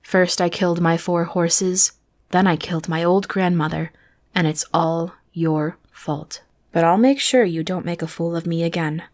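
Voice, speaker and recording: A woman voicing a brutish, greedy peasant man in a soft, hushed ASMR reading, as whispered role-play. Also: lowish voice, steady tone, a little slow.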